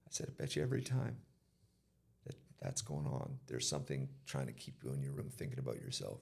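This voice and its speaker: A man's voice: extremely low pitch, wildly swooping pitch, fairly quick, creaky, a little mellow. A man giving an interview, telling a personal story and retelling conversations in casual quoted speech. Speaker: interview guest.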